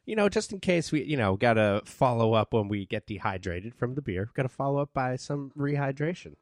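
Male podcast host, lively swinging voice, teasing and cursing casually. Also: mid-range voice, a little fast. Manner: teasing, animated, swears casually. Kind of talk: casual chat.

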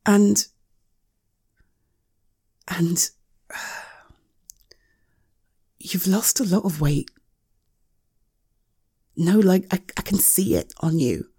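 Young woman playing a gentle partner in an audio role-play: slow, hesitant, soothing, gravelly and dark-toned. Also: on the low side, dry recording, clean studio sound.

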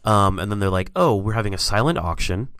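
A chatty man who swears freely as he tells his stories, his voice sitting low and smooth. The sound is dry and close, with no room around it. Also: a little fast, no room sound. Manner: profane, animated storyteller. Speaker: podcast co-host. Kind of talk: casual chat.

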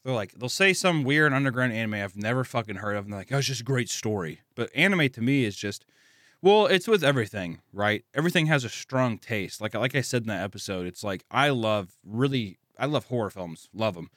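A man's voice: mid-range voice, a little fast, no room sound, studio quality. A man from the States, telling stories in casual, profane podcast chat. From Southern United States. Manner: profane, animated storytelling. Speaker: animator, podcast guest.

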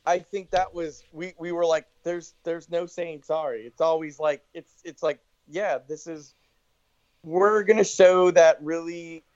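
A man's voice: on the high side, fairly even intonation, measured pace, a little mellow, no echo, dull audio. Rambling man in a casual podcast chat. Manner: loose, swearing, many restarts and voiced asides. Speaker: podcast guest, band member.

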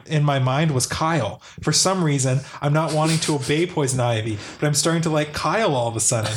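A man reading a fan story aloud to friends, playful and teasing, acting out the narration. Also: on the high side. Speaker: podcast host reading fan fiction.

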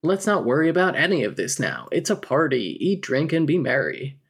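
Man voicing a sarcastic young man, bitter, terse, slightly raised pitch, casual reading. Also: big pitch swings, normal speed, gravelly, breathy edge, exaggerated voice. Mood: defiant.

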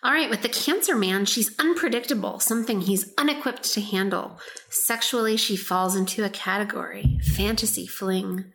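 A woman's voice: medium pitch, moderate pace, fairly bright tone, rough recording. A woman hosts a casual podcast, reading aloud from a book. She plays up a sultry, exaggerated reading voice. Her tone stays chatty between passages. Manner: reads in a hammed-up sultry voice, breaks into laughter. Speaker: podcast host.

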